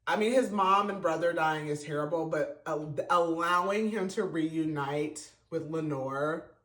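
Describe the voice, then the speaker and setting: A man's voice: a little high, unhurried, a bit bright. A man hosting a podcast, giving a casual, emotional book review full of fillers and restarts. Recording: roomy echo.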